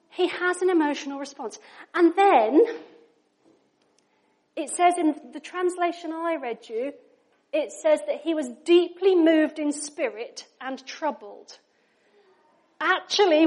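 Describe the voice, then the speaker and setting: A woman's voice: sits high, a little mellow. A woman preaching a sermon in a chatty, conversational way, often asking her listeners questions.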